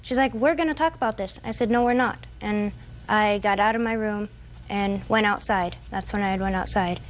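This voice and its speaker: A woman in her twenties testifies as a defendant in a courtroom. She recounts events at length in a halting way, with faint noise in the background. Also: mid-range voice, flat delivery. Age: 20s. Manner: halting, long retelling with fillers and restarts.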